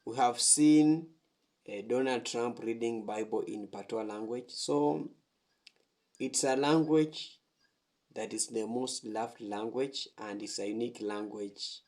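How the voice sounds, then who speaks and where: Male reaction host, slow explanatory talk, mid pitch, repeats himself. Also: darkish tone. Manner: slow, repetitive, explanatory phrasing. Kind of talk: reaction commentary.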